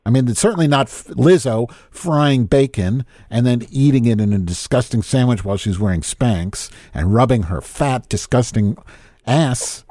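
A man's voice: medium pitch, animated, moderate pace, warm tone, dry recording, studio quality. A man hosting a podcast, rambling and griping with lots of swearing, then chatting with a caller. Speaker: podcast host. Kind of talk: casual rambling monologue and phone chat.

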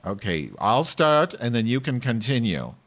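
A man's voice: mid-range voice, big pitch swings, moderate pace, a bit bright. A man in comedic call banter, crudely swearing and bossing his partner while playing a mock news anchor. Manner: crude, bossy, profane joking.

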